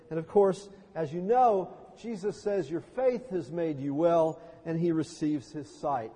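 Male pastor, higher voice with a soft husky edge, earnest measured preaching, reverberant sanctuary. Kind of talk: sermon with scripture reading. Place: church sanctuary. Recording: long reverb of a large hall.

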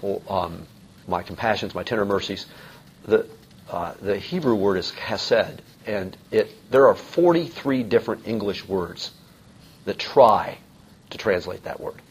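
A man's voice: on the low side, unhurried, breathy edge. A man teaching a Bible lecture in a conversational way, with many fillers and restarts. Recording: dull lo-fi recording.

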